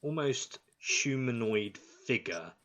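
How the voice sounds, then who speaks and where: A man narrating as game master of an online tabletop game, slow and halting with many ums. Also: mid-range voice, expressive, fairly bright tone, poor audio.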